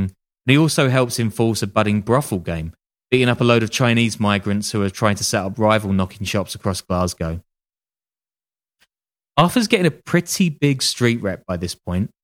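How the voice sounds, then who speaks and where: A man telling a true-crime story casually on a podcast, with wry joking asides and casual swearing. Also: on the low side. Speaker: podcast host.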